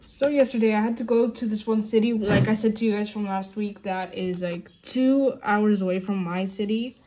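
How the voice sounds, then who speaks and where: A woman's voice: medium pitch, normal speed, dark tone. A young woman venting in a casual get-ready-with-me vlog at home, rambling with lots of fillers. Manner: rambling, heavy on fillers like "like" and "you know"; upset and venting. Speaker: vlogger. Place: at home indoors.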